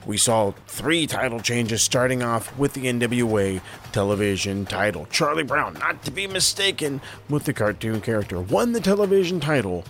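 A man co-hosting a wrestling podcast, animated and profane in casual chat, who also runs a history segment. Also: on the low side, slight background noise. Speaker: podcast co-host.

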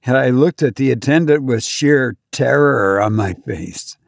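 A man hosting a podcast, telling a personal story to his listeners in a halting way, often repeating words and rising in pitch when he acts out his panic. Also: creaky, no room sound, clean studio sound. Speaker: podcast host.

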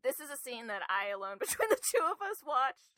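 A woman co-hosting a horror podcast, chatting casually and retelling scenes in an animated way. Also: high voice, brisk, no echo. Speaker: podcast co-host. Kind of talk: casual chat.

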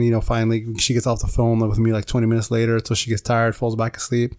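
A man's voice: medium pitch, completely flat delivery, fast talker, few pauses, a little mellow, no room sound. A man spins a long story in loose, rambling chat and drops "dude" into nearly every sentence. His voice sits in a middle register. The recording is dry and close, with no room sound. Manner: rambling, says "dude" a lot. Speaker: podcast co-host telling a story.

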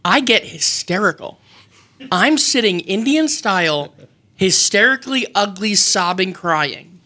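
A woman speaks as a guest in a radio studio, telling animated and self-mocking stories in a relaxed, chatty way. Her voice is bright and crisp, and her pitch sits in the middle of the usual range. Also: a little slow. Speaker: guest, wrestling personality. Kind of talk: casual storytelling.

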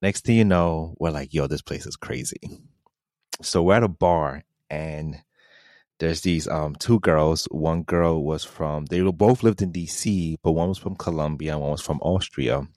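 A man's voice: a bass voice, measured pace, a little mellow, no echo. A man co-hosting a podcast, telling a story in casual chat, laid-back, laughing often and quoting his friends. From New York City. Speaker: podcast co-host.

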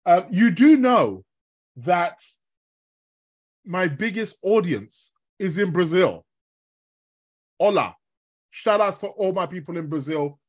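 Male astrology podcast host, sick with covid and talking from his bed, rambling, casual, fond of shout-outs, voice a bit high. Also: lively intonation, slow pace, long pauses. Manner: rambling, chatty, full of fillers and shout-outs. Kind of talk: casual live-stream talk.

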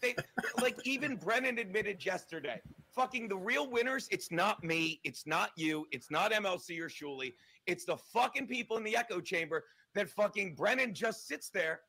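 A man's voice: high voice, lively intonation, moderate pace, pushed and bright, slightly rough. A man ranting combatively and profanely as a livestream guest.

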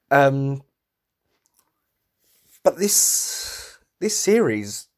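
A man hosting his own podcast, talking casually and excitedly as a fan, acting out quotes and humming tunes. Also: mid-range voice. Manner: excitable, acts out quotes and hums music. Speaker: podcast host.

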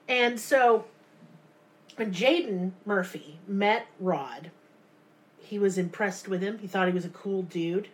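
A woman, co-hosting a casual true crime podcast, telling the story with sarcastic, animated asides. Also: medium pitch, slow pace, long pauses.

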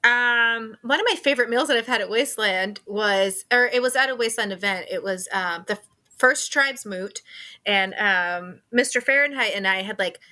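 A woman guesting on a casual podcast, her voice bright and slightly high. She is playful and giggly and chimes in quickly. Her talk stays loose and chatty. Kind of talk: casual storytelling interview.

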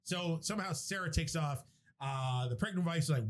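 A young man animatedly retelling a film to a co-host, his voice sitting a little higher than the average man's. He talks casually and swears freely, rambling and restarting as he goes. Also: normal speed. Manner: animated, profane movie retelling. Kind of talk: casual chat.

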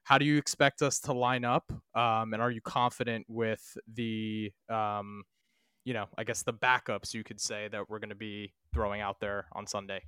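Male host, low and smooth, dry sound, casual questioning. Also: level tone, moderate pace, sharp tone, no echo. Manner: asks questions, brief interjections. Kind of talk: casual chat.

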